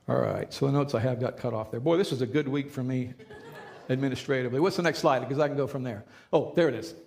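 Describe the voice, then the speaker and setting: A man preaching a sermon as a pastor, talking in a relaxed conversational way and repeating key phrases for emphasis. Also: medium pitch, fast talker, gravelly.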